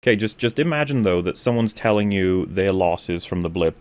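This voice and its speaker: A man with a lowish voice talks through a film plot in a casual chat. He hesitates often, stacking ums and uhs and restarting his sentences. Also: lively intonation, fairly quick. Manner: hesitant, many fillers and restarts. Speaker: stream panelist reviewing a film.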